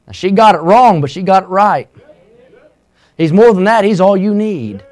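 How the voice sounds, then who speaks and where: A middle-aged man preaching a sermon as a pastor, impassioned and swinging between loud and hushed. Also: high-pitched, animated, moderate pace.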